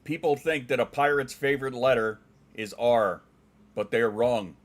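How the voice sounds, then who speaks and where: A middle-aged man with a Western Canadian accent, chatting casually on a stream, joking and enunciating clearly like a trained former DJ. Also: mid-range voice, normal speed. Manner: joking, dad jokes. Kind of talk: casual chat reading viewer comments.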